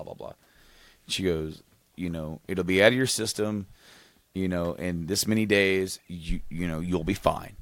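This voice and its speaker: A man co-hosting a casual podcast, rambling through a funny story, laughing often and getting excited as he goes. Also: deep voice, no echo. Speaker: podcast co-host. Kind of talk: casual chat, telling a story.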